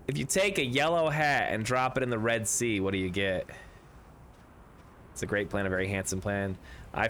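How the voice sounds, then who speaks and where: A man's voice: fairly low pitch, a bit bright, a little hiss or hum. A man streaming a video game, chatting casually and rambling through jokes while reading chat aloud.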